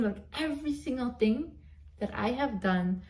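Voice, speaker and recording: A woman's voice: a little high, moderate pace, darkish tone. A woman vlogger giving an emphatic, repetitive motivational pep talk straight to her viewers. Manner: emphatic, repetitive, direct address.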